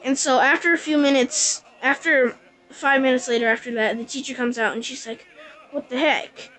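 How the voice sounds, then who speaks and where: A woman's voice: high voice, fairly even intonation, fairly quick, fairly bright tone, faint music behind, low-quality recording. A woman vlogger telling a rambling personal story casually, full of "like". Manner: rambling, breathless retelling with many likes. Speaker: gaming vlogger.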